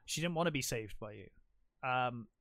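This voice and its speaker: A man's voice: medium pitch, expressive, measured pace, a bit bright, no echo, studio quality. A young man co-hosting a casual film review podcast. He retells the plot with enthusiasm and lots of "um"s. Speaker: podcast co-host.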